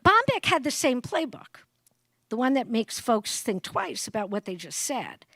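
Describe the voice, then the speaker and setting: A woman's voice: a little high, very animated, a little slow, fairly bright tone, dry recording. Witty woman giving a comic speech. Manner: comic storyteller, checks in with the audience; jumps into exaggerated voices for quotes. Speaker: guest speaker at an exhibit opening. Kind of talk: humorous public address.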